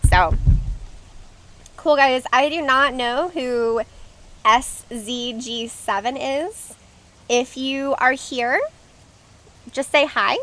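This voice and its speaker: Bright-voiced chatty young woman streamer. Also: sits high, extremely slow, long pauses. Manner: chatty and giggly, reads out chat comments. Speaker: livestream host. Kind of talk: casual livestream chat.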